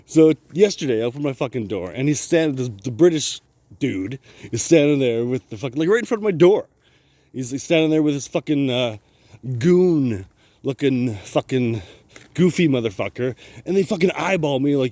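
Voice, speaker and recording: A man's voice: mid-range voice, expressive, normal speed, dark tone, no room sound. A man vlogging a rambling personal story, swearing constantly, laughing often and restarting his sentences.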